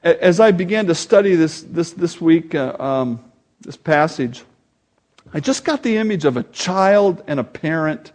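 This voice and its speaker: An older man preaching a sermon as pastor, telling stories with animated delivery and acting out voices. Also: fairly high pitch, measured pace. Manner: animated storytelling, acts out voices; quotes scripture with rising force.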